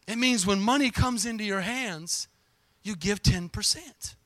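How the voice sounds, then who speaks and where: Preacher guy with a high bright voice, dry close sound, keeps asking the crowd for amens. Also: measured pace, no echo. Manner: lively preaching with call-and-response asides. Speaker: pastor. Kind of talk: sermon. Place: church sanctuary.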